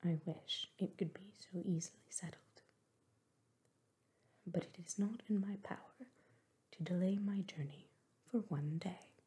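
A woman voicing a reserved, formal gentleman colonel in a whispered role-play reading. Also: fairly low pitch, steady tone, unhurried, long pauses, close to an everyday voice. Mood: grave.

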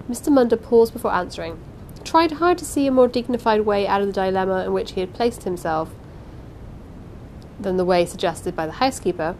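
A woman reading a classic novel aloud and then chatting casually about the chapter in a lively, expressive way. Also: medium pitch, a little hiss or hum, low-quality recording. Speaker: reader.

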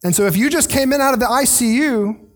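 A man's voice: very high voice, brisk. A male pastor preaching a conversational sermon in a church, often restarting his sentences and acting out quoted voices. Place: church sanctuary.

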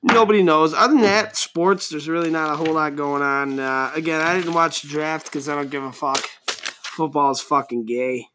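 A man's voice: fairly high pitch, steady tone, normal speed, noisy background. Rambling, cursing man in his thirties. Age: 30s. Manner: rambling, profane, joking. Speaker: podcast host. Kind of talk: casual solo podcast rant.

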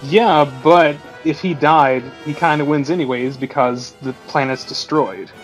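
Male podcast co-host, a touch high-pitched, loose and profane recapper. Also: measured pace, soft background music. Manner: swearing, animated retelling. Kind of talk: casual movie discussion.

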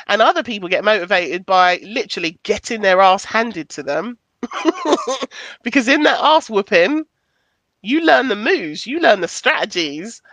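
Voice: mid-range voice, fairly bright tone, dry recording. A podcast host in casual chat, reading out listener comments, candid and affectionate, who swears casually.

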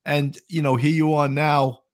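A man in his sixties, a former police officer hosting a podcast, chatty and animated, laughing often. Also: fairly high pitch, unhurried. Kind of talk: casual podcast chat.

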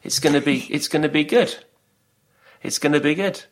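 A man's voice: fairly high pitch, normal speed. A middle-aged man from Britain, co-hosting a podcast and telling stories in casual chat, laughing often. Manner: chatty storyteller, laughs often. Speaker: podcast co-host.

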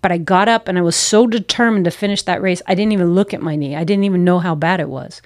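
In a studio-quality recording with no room sound, a woman talks fast in a lowish voice. She's an American missionary pastor earnestly recounting personal stories in an interview, reflecting and acting out how she once talked to herself.

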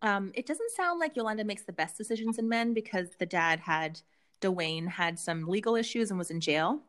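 A woman's voice: medium pitch, animated, normal speed, fairly bright tone. Chatty woman co-hosting a podcast. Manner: chatty, lays out theories, frequent "like" and "um". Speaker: podcast co-host. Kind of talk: casual chat recapping a reality show.

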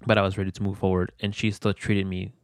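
A young man with a very low, deep voice talks through a personal story in an interview. He rambles loosely, full of fillers and casual swearing. The recording is dry and close, with almost no room sound. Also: level tone, quick pace, no room sound. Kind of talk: candid conversational storytelling.

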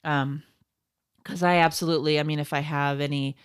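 Brief: middle-aged woman podcast co-host, low voice, casual and laughing, dry close mic. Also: steady tone, brisk, clean tone, no echo. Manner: chatty, laughs often, self-correcting. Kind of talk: casual chat.

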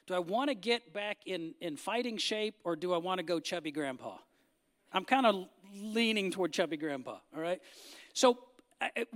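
A long reverb tail trails the high-pitched, fairly bright voice of this Arkansas man in his 50s. Addressing a church crowd, he delivers a joking, folksy sermon-style speech that climbs into emphatic bursts.

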